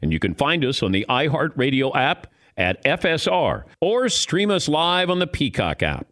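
A man's voice: mid-range voice, big pitch swings, normal speed, fairly bright tone. A middle-aged man hosting a radio show, teasing his guest and laughing often. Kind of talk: casual radio talk.

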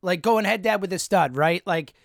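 Male sports podcast co-host, higher voice, teasing and filler-heavy, dry close mic. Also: a little fast, vocal fry, no room sound. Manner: chatty, teasing, full of fillers and sudden loud bursts. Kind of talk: casual sports chat.

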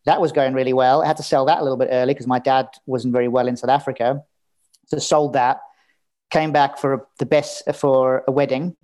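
A man's voice: medium pitch, steady tone, a little fast, a little mellow. A man talking as a podcast guest, telling his story in a candid, casual way and swearing now and then. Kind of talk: casual interview chat.

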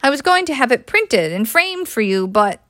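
A woman's voice: high-pitched, big pitch swings, normal speed, fairly bright tone, dry recording, clean studio sound, pitched above the performer's own voice. A woman reading a fumbling, stammering young father. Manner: hesitant, stammering. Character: nervous young new father, gentle. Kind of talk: audiobook reading.

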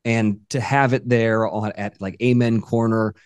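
A man's voice: lowish voice, fairly even intonation, unhurried, clean tone, no echo, studio quality. A man co-hosting a podcast, chatting casually in an upbeat, joking way. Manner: upbeat, joking, enthusiastic storyteller. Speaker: podcast co-host. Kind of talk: casual chat.

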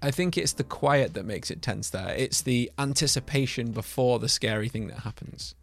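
A man's voice: mid-range voice, normal speed, gravelly, soft background music. A man in casual, jokey conversation about video games, riffing on words. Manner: jokey, playful, riffs on words. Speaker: podcast co-host. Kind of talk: casual gaming chat.

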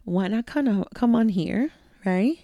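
A woman's voice: mid-range voice, lively intonation, measured pace, mellow, no echo. A woman hosting her own podcast, talking candidly and reflectively in a casual monologue, with slang and swearing. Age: adult, a mother. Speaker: podcast host; mentor to young women.

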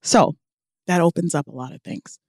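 A woman co-hosting a podcast, telling a comic story with emphatic, animated delivery and frequent laughter. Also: on the low side, moderate pace, no echo, clean studio sound. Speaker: podcast co-host. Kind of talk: casual comedic storytelling.

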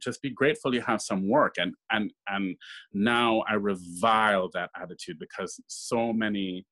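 A man's voice: lowish voice, moderate pace. A man, a stage actor, telling stories in a casual interview and acting out the voices of people he quotes. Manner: animated, acts out quoted voices. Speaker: guest actor.

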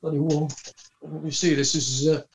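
A man's voice: a little high, flat delivery, fairly quick, heavy background noise. An older man, telling film-set anecdotes on a video call in a rambling way, full of fillers and restarts. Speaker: guest recalling film work. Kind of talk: anecdotal storytelling.

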